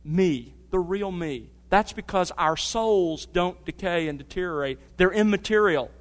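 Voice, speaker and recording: A man's voice: sits high, expressive, measured pace. A middle-aged man preaching a sermon, teaching earnestly and telling family stories. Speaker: pastor. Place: church sanctuary. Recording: long reverb of a church hall.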